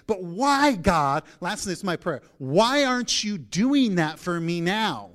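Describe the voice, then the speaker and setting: A male pastor preaching a sermon, telling a personal story, acting out his prayers and moving between soft, quiet passages and emphatic, raised ones. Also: on the high side, big pitch swings, moderate pace, hardly any pauses.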